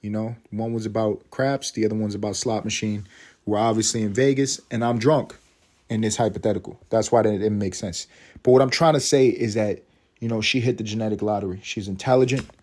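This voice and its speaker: A man's voice: fairly low pitch, fairly even intonation, brisk, darkish tone. A man hosting a casual solo podcast, rambling and swearing freely, mocking himself and breaking into laughter. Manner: rambling, profane, self-mocking with bursts of laughter. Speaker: podcast host.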